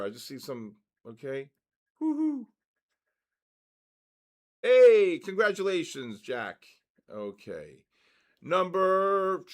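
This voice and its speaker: A man hosting a casual livestream, calling out giveaway numbers and names and exclaiming excitedly over the winners. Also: fairly high pitch. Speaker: livestream host running a giveaway.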